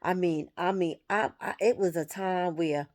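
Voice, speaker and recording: A woman vlogging a candid personal spiritual reflection, soft-spoken and reflective, with pauses between phrases. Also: on the low side, fairly even intonation.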